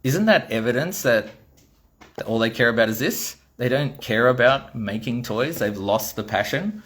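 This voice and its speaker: A man's voice: medium pitch, expressive, moderate pace, fairly bright tone. Middle-aged aussie guy ranting, blunt and fed up, swears a lot. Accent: Australian. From Australia. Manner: blunt, exasperated, swears freely. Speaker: toy designer. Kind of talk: ranting monologue.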